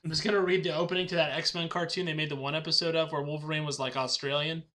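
A man's voice: on the high side, level tone, fast talker, sharp tone. A man co-hosting a podcast in casual chat, joking and laughing often. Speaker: podcast co-host.

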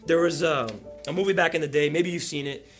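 A male pastor preaching a sermon, telling a story and building to loud emphatic peaks. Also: on the high side, fairly even intonation, fairly quick, faint music behind.

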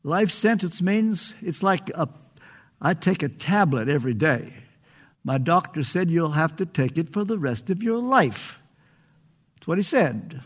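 A man's voice: a little high, big pitch swings, a little slow. An older man preaching a sermon, earnest and pleading, stretching out phrases for emphasis.

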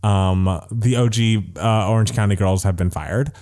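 A man's voice: on the low side, a little slow, a little mellow. A man from the American South co-hosting a podcast, chatting animatedly about pop culture gossip and laughing often. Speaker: podcast co-host. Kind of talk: casual pop-culture chat.

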